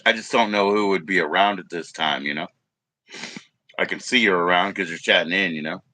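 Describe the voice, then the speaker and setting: A man's voice: low voice, brisk, sharp tone, dry recording. A man chatting loosely on his live stream, rambling and swearing as he talks to his viewers and fights technical trouble. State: coughing at times. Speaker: livestreamer. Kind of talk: casual live stream chat.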